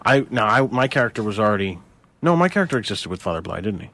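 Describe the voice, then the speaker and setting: Low voiced guy stammering thru a radio interview, dead dry mic. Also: very animated, fast, fairly bright tone, no echo. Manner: stammering, rambling. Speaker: radio guest. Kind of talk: hesitant comedic interview.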